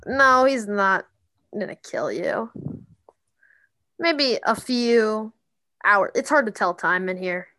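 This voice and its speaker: A woman narrating a tabletop game as game master, in a casual, halting way with many fillers. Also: mid-range voice, expressive, sharp tone, a little hiss or hum.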